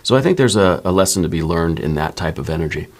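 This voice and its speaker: A man giving a soft-spoken tarot reading, musing in a relaxed way and often checking in with the listener. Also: deep voice, quick pace. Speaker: tarot reader.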